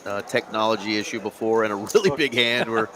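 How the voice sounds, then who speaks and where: A man's voice: fairly low pitch, fairly even intonation, brisk. A man doing chatty, upbeat play-by-play commentary on a live poker stream. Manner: upbeat, chatty, laughs easily. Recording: card room crowd chatter behind. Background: murmur of a busy card room.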